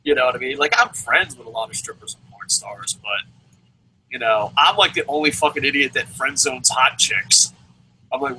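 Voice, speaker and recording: A man chatting loosely on a wrestling review podcast, his voice very bright and lively, rising and falling a lot. He swears constantly, rambles through his stories and laughs often. A faint noise sits behind the recording. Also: mid-range voice, normal speed, vocal fry, poor audio. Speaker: wrestling show co-host. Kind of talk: casual podcast chat.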